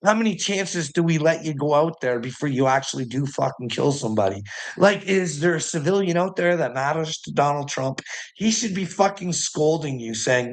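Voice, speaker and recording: A man with a slightly raised voice rants through news headlines and swears constantly. His sarcasm is biting, and his sentences often trail off into low, muttered asides. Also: expressive, moderate pace. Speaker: commentator reacting to news headlines. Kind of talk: profane ranting commentary.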